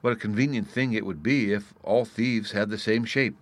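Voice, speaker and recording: A man voicing a playful, witty young aristocratic woman in a bright, teasing, lightly mocking manner. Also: fairly low pitch, fairly even intonation, moderate pace, no echo, lightly acted. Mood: musing.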